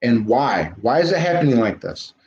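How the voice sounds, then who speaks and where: A man's voice: mid-range voice, big pitch swings, normal speed, darkish tone. A man hosting a livestream in a casual, ranting style, hammering his points with emphatic repetition. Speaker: livestream host. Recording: roomy, dull lo-fi livestream audio.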